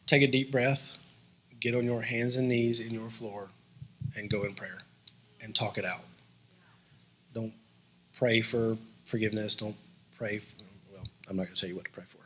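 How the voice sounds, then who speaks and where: A man speaking as a guest at a church service, offering gentle, earnest encouragement and chuckling at himself. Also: on the low side, fairly even intonation, normal speed, pauses often, a little hiss or hum, rough recording. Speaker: church guest sharing his story. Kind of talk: heartfelt encouragement.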